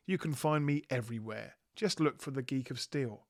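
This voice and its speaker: Tired male podcast host, giddy and warm, mid-pitched voice, dry close recording. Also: moderate pace, dry recording. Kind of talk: solo podcast wrap-up.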